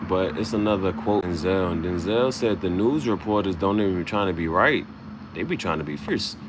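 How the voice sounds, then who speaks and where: A man's voice: low-pitched, animated, fairly quick, noisy background. A man freestyling a loose, swaggering, profane rhyming monologue as host.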